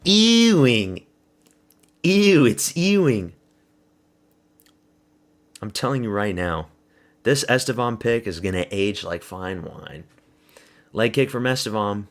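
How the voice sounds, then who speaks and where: A man's voice: on the low side, expressive, normal speed, a bit bright. A man streaming a fight watch party, chatting casually and answering viewers while calling the action, with plenty of swearing. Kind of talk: casual live fight commentary.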